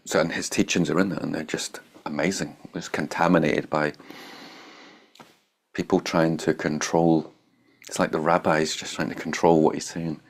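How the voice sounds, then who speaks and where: Low-voiced male meditation teacher, blunt, swears freely, casual Q&A delivery. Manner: blunt and irreverent, swears and laughs. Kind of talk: informal dharma talk, answering a student.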